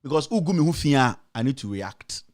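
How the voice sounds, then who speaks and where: A man's voice: mid-range voice, big pitch swings, brisk. A Ghanaian man, a journalist and show host, giving heated political commentary, firing off accusing rhetorical questions.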